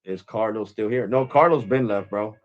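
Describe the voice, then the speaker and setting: A man's voice: on the low side, moderate pace, lo-fi sound. Exasperated American man, rambling on stream. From United States. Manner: exasperated, rambling, repeats himself. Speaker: live streamer. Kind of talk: casual live stream talk.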